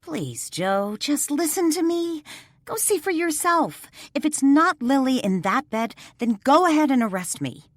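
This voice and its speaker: A frantic young heroine pleads in a high, urgent storybook voice, read by a woman narrator. The sound is dry and close. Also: big pitch swings, a little slow, no room sound. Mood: pleading.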